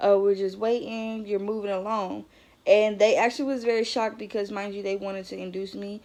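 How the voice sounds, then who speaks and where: A woman's voice: medium pitch, flat delivery, normal speed, a little mellow. A young woman, telling her own story to the camera in a chatty vlog, with lots of fillers and asides to viewers. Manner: chatty, many fillers, talks straight to viewers. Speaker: vlogger.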